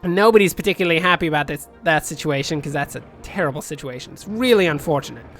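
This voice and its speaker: A man's voice: fairly high pitch, quick pace, a bit bright, soft background music. Rambling, jokey man commentating a game. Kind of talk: let's play commentary.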